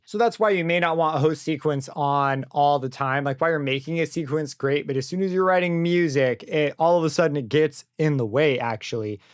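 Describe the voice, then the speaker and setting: A man's voice: fairly high pitch, smooth, no room sound. Casual man explaining a synth plugin. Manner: casual, thinking aloud with fillers and self-corrections. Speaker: plugin reviewer. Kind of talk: screen-recorded software tutorial. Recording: dry close mic with synth music under it.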